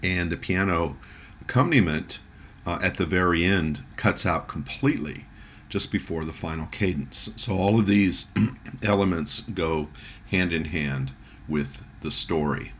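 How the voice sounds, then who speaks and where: A man giving a music lecture, talking in a halting way with many fillers and restarts as he reads and translates a German poem. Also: deep voice, fairly bright tone. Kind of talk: recorded lecture.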